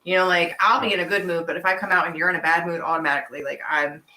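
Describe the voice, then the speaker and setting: A woman's voice: on the low side, racing, roomy sound, rough recording. Chatty woman hosting a farm livestream. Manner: chatty, animated storytelling. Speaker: farm co-owner and livestream host. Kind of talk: casual livestream Q&A chat.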